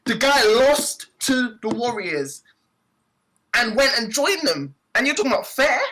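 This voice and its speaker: A man's voice: extremely high pitch, sing-song, measured pace, sharp tone, poor audio. A young man in a casual sports chat who insists on his point and keeps repeating it.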